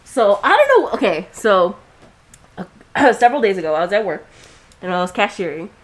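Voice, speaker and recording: A woman's voice: mid-range voice, very animated, fairly quick. A young woman co-hosting a podcast, telling a story in casual chat with a blunt, profane, ranting manner. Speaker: podcast co-host.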